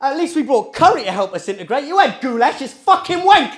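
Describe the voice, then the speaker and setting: A man playing his crude young cousin with a Cockney accent, loud and mocking. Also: very high-pitched, big pitch swings, brisk, voice pushed up. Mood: scornful. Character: brash young British-Indian man, crude.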